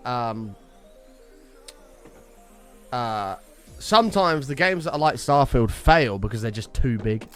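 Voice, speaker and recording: A British man on a live stream, talking casually to his chat with heated, swearing rants. His pitch swings widely as he talks, and faint music plays underneath. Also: lively intonation, takes it slowly, pauses often, a bit bright. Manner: heated ranting, frequent swearing, chatty asides to viewers.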